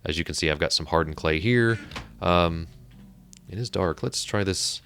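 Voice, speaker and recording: A man's voice: low voice, moderate pace, a bit bright, a little hiss or hum. A man casually commenting on his own gameplay as a let's play host, rambling and chatty, often breaking off mid-sentence. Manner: rambling, chatty, self-interrupting.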